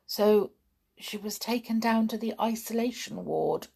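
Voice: mid-range voice, a little slow, creaky, a little mellow, husky. A woman reading aloud voices a grumbling boy who mutters his lines.

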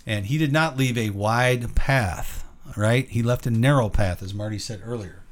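Man, podcast co-host, rambling opinion talk, rhetorical asides, mid-pitched voice. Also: normal speed, slight background noise. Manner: rambling, rhetorical "right?" tags. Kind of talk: conversational Christian commentary.

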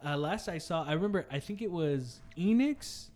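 A man's voice: fairly high pitch, lively intonation, moderate pace, a little mellow. A man hosting a podcast, chatting loosely with friends and swearing often. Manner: loose, swearing, laughing banter. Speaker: podcast host. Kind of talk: casual podcast chat.

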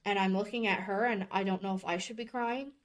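A woman in her thirties, a podcast guest, tells a personal story candidly and with open emotion, speaking earnestly. Her voice is medium-pitched and steady, her pace brisk.

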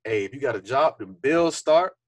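A man's voice: medium pitch, expressive, normal speed, no room sound. A young man co-hosting a podcast, talking earnestly and reflectively in a casual conversation full of fillers. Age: young adult. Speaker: podcast co-host.

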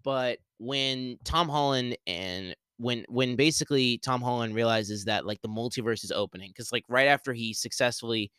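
A man's voice: medium pitch, normal speed, hardly any pauses, fairly bright tone, clean tone, no echo. A young man hosting a podcast alone, rambling through a casual spoiler talk with many fillers and restarts. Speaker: podcast host.

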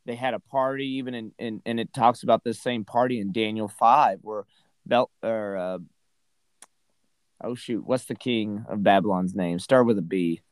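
A man's voice: on the low side, fairly even intonation, normal speed, no echo, poor audio. A man casually discussing a Bible passage as a podcast co-host, rambling with many "right?" and "you know" asides.

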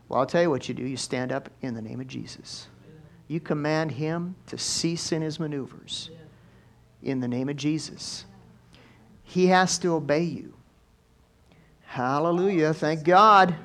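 Animated preaching man, fairly high voice. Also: moderate pace. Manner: animated preaching with big swings in loudness. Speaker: pastor. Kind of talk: sermon.

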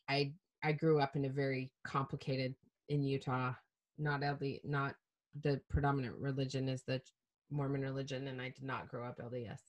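Middle-aged lady with a low voice, chatty guest spilling a story, swears, laughs at herself. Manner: animated, self-mocking storyteller who swears casually. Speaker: podcast guest. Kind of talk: storytelling in a casual interview.

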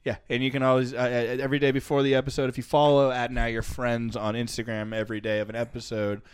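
A man's voice: medium pitch, little pitch movement, fast talker, smooth. A man hosting a podcast in a studio, chatting casually with guests and laughing often. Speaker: podcast host. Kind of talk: casual chat.

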